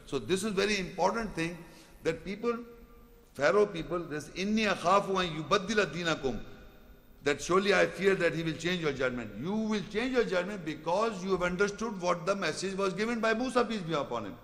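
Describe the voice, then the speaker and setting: Gravelly preacher. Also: male voice, high voice, expressive, fairly bright tone, big-room sound. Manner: recites Arabic verses rapidly, then explains in English; repetitive, rhetorical questions. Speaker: Islamic preacher. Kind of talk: Quran commentary lecture.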